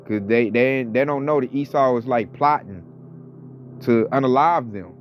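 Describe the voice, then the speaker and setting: A man talks bluntly and at length in a slangy, rambling manner, as a co-host. His recording sounds dull and lo-fi. Soft music plays faintly underneath. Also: mid-range voice, normal speed. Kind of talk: casual religious commentary.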